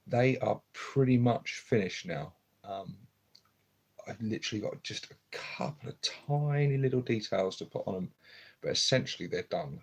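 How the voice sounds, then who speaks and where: A man chatting quietly and casually on a live stream at home, filmed on his phone, rambling with lots of ums. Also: on the low side, breathy edge. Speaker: hobby streamer. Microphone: phone camera.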